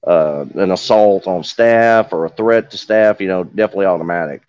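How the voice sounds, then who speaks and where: A man's voice: deep voice, brisk, darkish tone, clean tone, no room sound, muffled recording. A man with an accent, a corrections veteran speaking plainly on a panel, with many "you know" fillers. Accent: noticeable regional accent. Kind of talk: casual panel talk.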